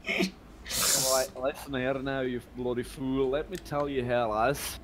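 Question: Give me a man putting on a gruff, blustering Brit. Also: mid-range voice, flat delivery, unhurried, fairly bright tone, a little hiss or hum, close to an everyday voice, rough recording. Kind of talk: joking put-on voice in a game stream.

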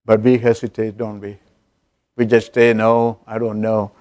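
A man's voice: fairly low pitch, level tone, a little slow, a little mellow. A man preaching a sermon as pastor, telling an illustration story and calling out to his congregation.

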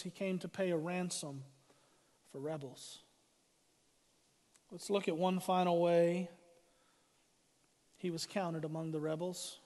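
A middle-aged man preaching a sermon as pastor, dramatic, swinging from loud declarations to hushed lines. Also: high-pitched. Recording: hall reverb.

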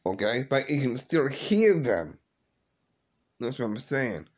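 A man hosting his own paranormal vlog, talking haltingly and emotionally, often repeating and restarting his words. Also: medium pitch, very animated. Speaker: vlog host.

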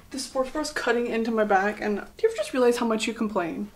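A fast-talking woman in her twenties with a fairly high voice chats casually on her vlog. This YouTuber is decorating her bedroom, sweaty and lightheaded, making sarcastic remarks and laughing at herself regularly.

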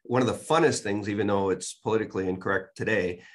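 A man's voice: fairly low pitch, quick pace. An older man, a guest real estate expert on a podcast, telling stories and giving emphatic, folksy advice. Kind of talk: podcast interview.

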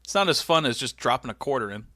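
Bright-voiced young man hosting a podcast. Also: medium pitch, animated, fast talker. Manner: rambling, jokey, does voices. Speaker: podcast host. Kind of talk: casual chat.

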